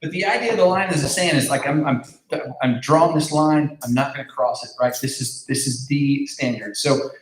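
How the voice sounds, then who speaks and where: A man's voice: a little high, brisk. Chatty youth pastor man, echoey room. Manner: conversational, repeats words, many fillers. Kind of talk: casual youth group talk. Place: large room with a group.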